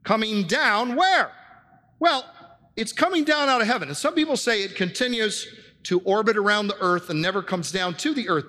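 A man's voice: high-pitched, bright, forceful tone, in a large hall. A man preaching a sermon in a church, teaching earnestly and posing rhetorical questions to his congregation. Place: church with handouts for listeners.

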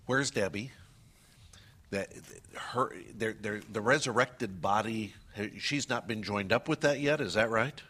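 Low-voiced man asking bright questions. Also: breathy edge. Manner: thoughtful questioning, halting restarts. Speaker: interviewer. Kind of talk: onstage conversation.

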